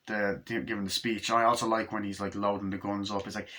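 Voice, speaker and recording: A man's voice: on the low side, little pitch movement, quick pace, bright, forceful tone. A man giving a casual, profane movie review, rambling through scenes and acting out quoted lines in passing.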